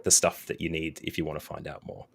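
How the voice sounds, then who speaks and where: Male co-host, very deep voice, calm and measured opinions on games. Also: creaky, breathy edge. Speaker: podcast co-host. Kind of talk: casual chat.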